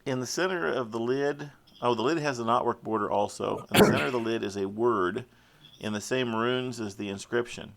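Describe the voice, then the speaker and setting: A man's voice: medium pitch, brisk, gravelly. A man with a Midwestern accent running an online tabletop game as game master, describing scenes with frequent restarts and fillers. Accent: Midwestern American.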